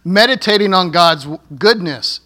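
High, bright-voiced male pastor preaching. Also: animated, moderate pace. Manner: jokey asides, laughs at own slips. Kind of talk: sermon.

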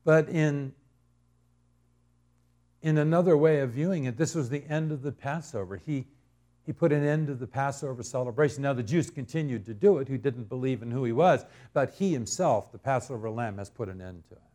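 A male pastor delivering a sermon, slow and emphatic, repeating key words for dramatic effect. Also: medium pitch, warm tone.

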